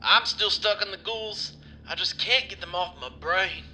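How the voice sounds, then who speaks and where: A man's voice: high voice, normal speed, pushed and bright, a little hiss or hum. A man opening a show with a rambling intro, musing aloud and asking himself questions.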